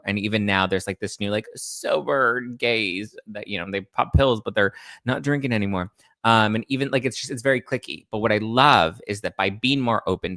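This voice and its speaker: A man's voice: fairly low pitch, fairly bright tone, no echo, clean studio sound. A man hosting a casual livestream, chatting and answering viewer comments aloud. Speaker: host. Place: Los Angeles.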